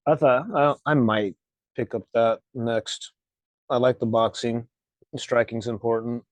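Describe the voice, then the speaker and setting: A man's voice: medium pitch, fairly even intonation, unhurried, a little mellow, no echo, low-quality recording. A man co-hosting a podcast, speaking in a reflective, hesitant way and searching for his words. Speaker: podcast co-host. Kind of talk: casual chat.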